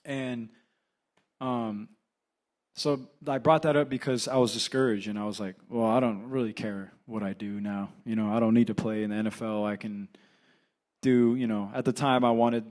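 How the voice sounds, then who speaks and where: A man's voice: mid-range voice, steady tone, moderate pace, a little mellow. A young man with a Californian accent, an assistant pastor telling a personal story in a casual sermon full of fillers. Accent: Californian English. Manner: conversational, filler-heavy storytelling. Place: church.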